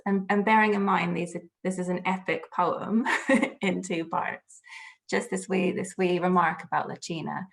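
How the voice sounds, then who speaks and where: A woman's voice: on the low side, gravelly. A woman, an academic translator, talking casually in an interview, chatty with many restarts. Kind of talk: conversational interview answer.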